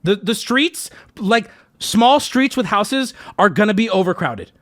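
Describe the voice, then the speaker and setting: A man in his thirties telling an exasperated, profane story to his live stream, swinging between yelling and low muttering. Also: lively intonation, unhurried.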